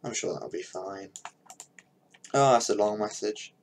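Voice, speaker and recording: A man's voice: on the low side, unhurried, a little hiss or hum, rough recording. A young man thinking aloud in casual commentary while he builds a game map on a live stream, with mumbled asides as he works.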